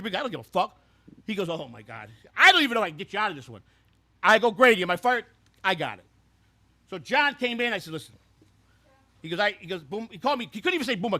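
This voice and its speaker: A man's voice: high-pitched, sharp tone, heavily acted. A man playing a brash, foul-mouthed former baseball clubhouse worker who rambles through stories and trips over repeated words. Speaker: host. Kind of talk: scripted comedic character storytelling.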